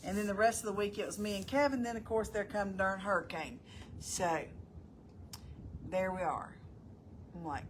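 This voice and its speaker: A woman's voice: medium pitch, normal speed, pauses often, noisy background. A middle-aged woman chatting casually on a live stream, folksy and talkative, greeting viewers by name as she goes.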